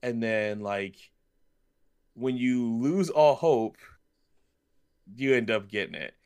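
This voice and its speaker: A man's voice: mid-range voice, slow pace, clear, resonant tone. A man co-hosting a podcast, chatting casually and telling stories with lots of fillers. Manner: rambling, animated storyteller with many fillers. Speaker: podcast co-host. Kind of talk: casual chat.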